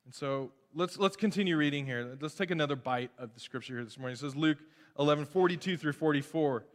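Joking pastor preaching in a reverberant church. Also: male voice, on the high side, fast talker. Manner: lively, joking, often restarts mid-phrase. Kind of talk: sermon. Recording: long hall reverb.

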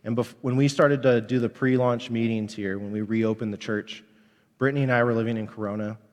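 Candid young pastor preaching in a reverberant church. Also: male voice, mid-range voice, steady tone, a little fast. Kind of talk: sermon.

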